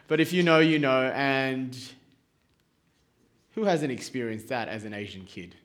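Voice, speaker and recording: A man preaching a sermon to his congregation in a relaxed, conversational way, joking and putting questions to the room. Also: medium pitch, measured pace, pauses often. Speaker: pastor.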